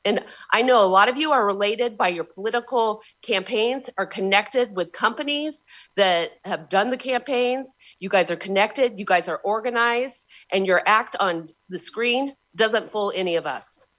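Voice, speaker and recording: A woman's voice: mid-range voice, moderate pace, a bit bright. A woman giving emotional, frustrated public testimony to a county board by remote call-in. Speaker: public commenter. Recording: dull lo-fi remote audio.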